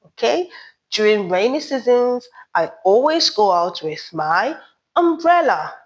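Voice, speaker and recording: Lady teacher, slow and clear, lots of ups and downs in her voice, has you repeat each word. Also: fairly high pitch, big pitch swings, low-quality recording. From Nigeria. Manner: drills words slowly, asks learners to repeat, checks with "okay?". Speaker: French teacher. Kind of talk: beginner language lesson.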